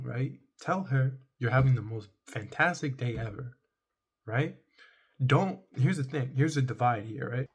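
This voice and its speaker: A man's voice: medium pitch, breathy edge. A man giving dating advice to the camera in a casual, rambling monologue, blunt and profane, who keeps checking in with "right?". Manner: swears casually. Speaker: vlogger.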